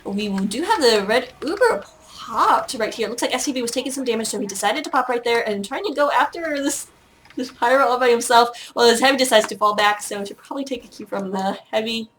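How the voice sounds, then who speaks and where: A woman's voice: on the high side, lively intonation, brisk, fairly bright tone, a little hiss or hum. A woman giving solo play-by-play commentary on an online game match, chatty and self-mocking, with many hesitations and fillers. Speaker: esports caster.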